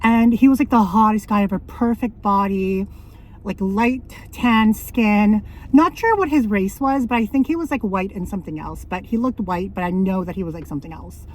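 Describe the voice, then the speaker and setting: A woman's voice: medium pitch, moderate pace, darkish tone. A woman in her thirties telling stories in a rambling, casual vlog, often correcting herself and laughing. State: out of breath. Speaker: vlogger. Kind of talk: casual chatty storytelling.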